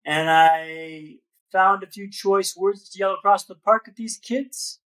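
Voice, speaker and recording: A young man with a noticeably high voice tells his story as a podcast guest. His talk is casual and animated, and he keeps dropping in slang like "man" and "brother." The recording is a clear podcast mic. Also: unhurried.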